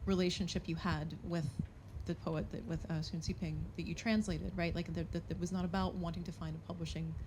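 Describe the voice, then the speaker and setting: A woman's voice: fairly low pitch, fairly even intonation, brisk, hardly any pauses. A woman moderating a discussion panel, asking probing, thoughtful follow-up questions. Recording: clear background noise.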